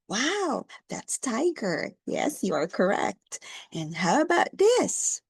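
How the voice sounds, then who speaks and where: A woman teaching an English lesson to a young learner, speaking slowly, repeating words and praising often. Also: a little high, huge pitch swings, gravelly, darkish tone, breathy edge, no room sound, studio quality.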